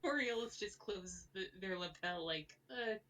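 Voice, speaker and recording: A woman's voice: mid-range voice, a little slow, a bit bright, far from the mic. A woman running a tabletop game as game master, describing the scene in a rambling way with many fillers and restarts.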